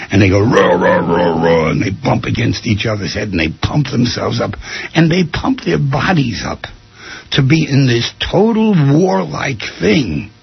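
A man speaks in a casual, storytelling talk with a rough, gravelly and deeply husky voice. His pitch jumps around a lot as he acts out the people in his stories. The recording sounds somewhat dull and lo-fi. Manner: animated storytelling, acting out quotes. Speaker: speaker giving a talk on anger.

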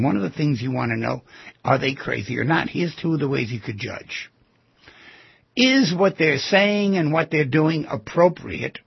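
A man's voice: mid-range voice, no echo. A man hosting an advice talk show, speaking emphatically and directly to his listeners. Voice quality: gravelly, husky voice. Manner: emphatic, repetitive, direct address. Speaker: radio host. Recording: dull lo-fi sound.

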